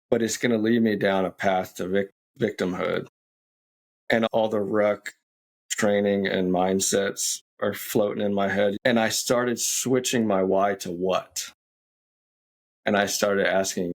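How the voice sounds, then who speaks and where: A man in his thirties, a podcast guest, telling a personal story in a slow, reflective, candid way. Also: on the low side.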